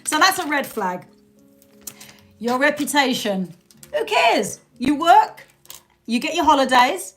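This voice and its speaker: A woman's voice: high voice, big pitch swings, takes it slowly, long pauses, soft background music. A British woman hosting a casual live stream, chatting and laughing with her viewers and thanking them by name. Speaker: livestream host.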